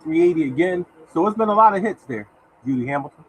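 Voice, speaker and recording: Hosting a laid-back live lottery stream, this man greets viewers by name, chats with them and reads out the winning numbers, muttering quietly to himself as he searches. His voice is high-ish, husky and animated, he talks fast, and the audio is poor.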